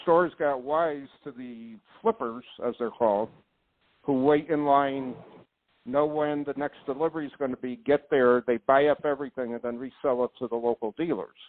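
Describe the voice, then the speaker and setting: A man's voice: medium pitch, steady tone, moderate pace, no room sound. A man hosting a podcast in casual chat, rambling and indignant, often restarting his sentences. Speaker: podcast host. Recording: tinny phone-line sound.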